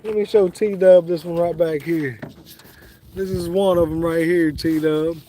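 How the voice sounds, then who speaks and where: A middle-aged man talks in a relaxed, easygoing way, greeting viewers by name as he streams live from a fishing boat. His voice sits fairly high for a man yet sounds warm and mellow. The sound is open, the way it is outdoors on the water. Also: measured pace, slight background noise. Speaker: fishing livestreamer. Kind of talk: casual live-stream chat.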